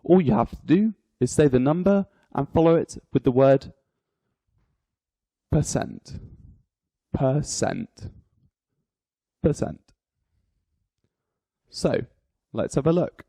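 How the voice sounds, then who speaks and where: A man teaching an English lesson, slowly spelling out numbers and repeating each one for learners to copy. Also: a little high, lively intonation, mellow, no echo, studio quality. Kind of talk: slow, deliberate English lesson.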